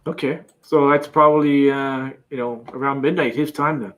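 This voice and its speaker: A man's voice: mid-range voice, fairly even intonation, moderate pace, a bit bright. A Canadian man hosting a casual live-stream chat from his campervan, reading out viewer comments and laughing often. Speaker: livestream host.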